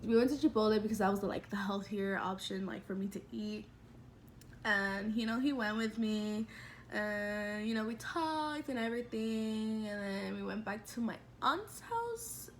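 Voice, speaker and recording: A woman in her twenties, a vlogger telling a personal story in a chatty, animated way with lots of fillers. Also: mid-range voice, a little slow, a little hiss or hum. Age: 20s. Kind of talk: casual storytelling.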